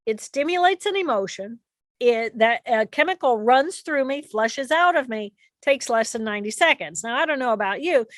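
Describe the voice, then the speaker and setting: High-voiced woman giving an animated talk. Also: no echo, clean studio sound. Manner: animated, acts out inner voices and repeats phrases. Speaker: speaker presenting to an audience. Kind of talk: explanatory lecture talk.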